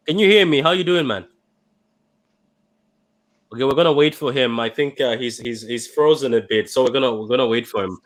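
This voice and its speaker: A young man hosts a fan livestream just after his team has lost. He sounds dejected and keeps repeating himself, starting over and trailing off, at an ordinary middle pitch. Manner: dejected, repetitive, halting with many restarts. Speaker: fan channel livestream host. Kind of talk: emotional post-match fan livestream.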